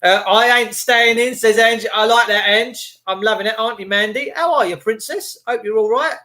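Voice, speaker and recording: A man's voice: high voice, normal speed, bright, forceful tone. A man hosting a casual live stream, greeting viewers by name in a chatty, cheeky way and slipping into rants. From England. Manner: chatty, cheeky, ranting at times.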